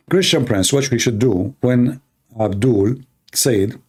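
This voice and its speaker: A man's voice: mid-range voice, takes it slowly, a little mellow, slightly rough. A man hosting an online talk show, arguing in a sarcastic tone and firing off rhetorical questions. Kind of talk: argumentative commentary.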